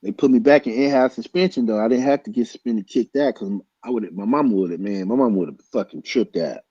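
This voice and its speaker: A man telling a story loudly and excitably, acting out voices and punches with sound effects. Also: mid-range voice, brisk, breathy edge, no room sound. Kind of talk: animated storytelling. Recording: dull lo-fi sound.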